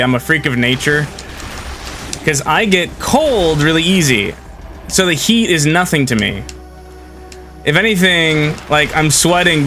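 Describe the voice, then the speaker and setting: A man's voice: a little high, pushed and bright. A young man chatting casually with viewers while he livestreams a game, rambling in a friendly way. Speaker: game streamer. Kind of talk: casual live-stream chat while gaming.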